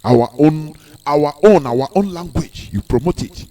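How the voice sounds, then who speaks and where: Man, fairly high voice, impassioned speech, repeats himself for emphasis. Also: expressive, measured pace, mellow. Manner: emphatic, repeats words and asks rhetorical questions. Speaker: speaker on a live broadcast.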